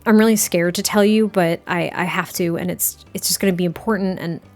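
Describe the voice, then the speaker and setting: A woman's voice: lowish voice, fairly even intonation, fairly quick, soft background music, lightly acted. A woman relaying the words of an anxious young mother in a life-sim story, hesitant and apologetic, close to her own voice. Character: anxious young mother hiding bad news.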